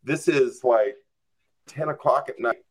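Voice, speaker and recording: Telling a casual story as a podcast guest, a man acts out his own reactions, saying "like" and "I'm just like" over and over. His mid-range voice is a little slow and slightly rough.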